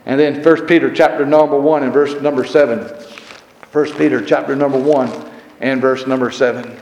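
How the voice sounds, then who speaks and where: A man preaching a sermon. He rises and gets louder on scripture and repeats verse references as he goes. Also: medium pitch, fairly even intonation, normal speed. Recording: roomy hall echo.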